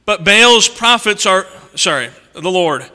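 An unhurried man with a smooth, high-pitched voice preaches an expository sermon, reading scripture and pausing to comment. He's animated, swinging between loud emphasis and quiet asides, and a long reverb trails each phrase as in a large church.

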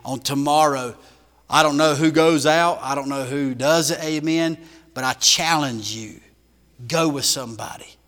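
A man preaching a sermon in a church, shifting from loud emphatic bursts to hushed lines. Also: a little high, a little slow, big-room sound. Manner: emphatic preaching with big swings in volume.

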